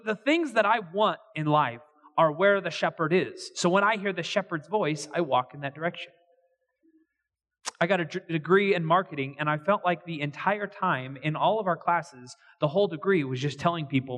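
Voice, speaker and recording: A man's voice: high-pitched, a bit bright. A man preaching a sermon as pastor, in an earnest, conversational way. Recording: reverberant hall.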